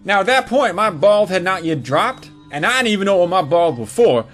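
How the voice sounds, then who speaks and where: Guy doing a crude comedy storytime, high voice bouncing all over, faint music under it. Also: big pitch swings, brisk, a bit bright. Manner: crude, mocking, punchline-driven delivery.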